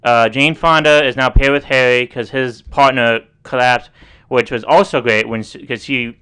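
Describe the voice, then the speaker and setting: A man in easygoing podcast chat, his voice bright and clear with a smooth, ringing edge. He rambles as he talks, strings thoughts together with loose fillers, and circles back on himself. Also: mid-range voice, fairly even intonation, moderate pace. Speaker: podcast co-host. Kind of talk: casual chat.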